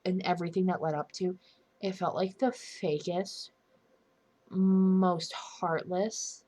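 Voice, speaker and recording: A woman's voice: on the low side, darkish tone. A young woman giving an indignant, earnest opinion commentary for her channel, often restarting and correcting herself mid-sentence. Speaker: commentary YouTuber.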